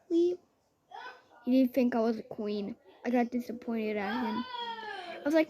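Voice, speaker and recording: A woman's voice: on the high side, animated, unhurried, pauses often, warm tone. A woman telling a rambling personal story in a chatty way, with fillers and restarts.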